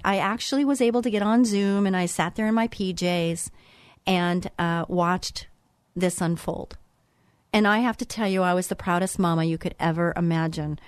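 A woman's voice: medium pitch, dry recording, clean studio sound. Earnest middle-aged woman host. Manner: earnest, emphatic, repeats phrases for effect. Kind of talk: motivational monologue.

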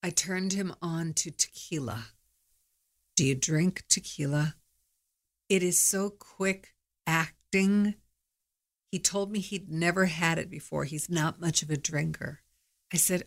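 A woman's voice: lowish voice, slow, pauses often. A middle-aged woman hosting her own podcast, talking candidly in a chatty, storytelling monologue. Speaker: podcast host. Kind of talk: casual monologue.

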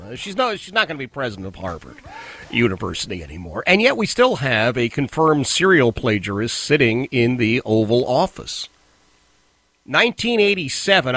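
A man hosting a talk radio show, delivering an indignant monologue. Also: no room sound. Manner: animated, indignant, pitch jumps when worked up.

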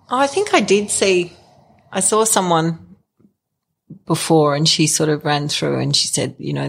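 A middle-aged woman answers an interviewer in a candid, hesitant way, pausing and restarting often. Her voice sits a little low and carries a gravelly edge. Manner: hesitant, frequent fillers and restarts. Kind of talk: candid personal storytelling.

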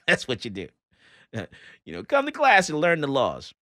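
A male talk radio host, lecturing and joking in an animated, emphatic way. His voice jumps around wildly in pitch and stays bright and forceful. The studio sound is dry and close. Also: a little slow, long pauses, no room sound. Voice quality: animated, emphatic, laughs often. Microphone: studio microphone.

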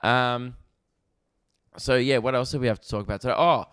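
A young Australian man, a comedian and podcast host, telling stories in an animated, rambling way with plenty of swearing, in a casual chat recorded in a rented apartment. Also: mid-range voice, a little fast, clean tone, dry recording, studio quality. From Victoria, Australia.

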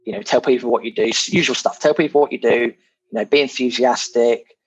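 Husky man talking property, frank and casual. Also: mid-range voice, fairly quick, dull audio. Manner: frank and self-deprecating, many fillers. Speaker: property investor guest. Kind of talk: casual podcast chat.

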